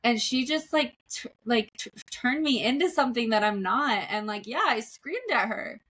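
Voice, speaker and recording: A woman's voice: fairly high pitch, animated, moderate pace, a bit bright, slightly rough. A young woman guest on a podcast, candidly telling a story about a relationship, with many "like" fillers and laughs mixed in.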